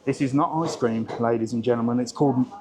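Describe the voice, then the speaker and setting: A man's voice: mid-range voice, fairly even intonation, fast. A man, chatting cheekily with passers-by as he walks through an outdoor market and marina for his travel vlog. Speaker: travel vlogger. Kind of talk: casual walking vlog.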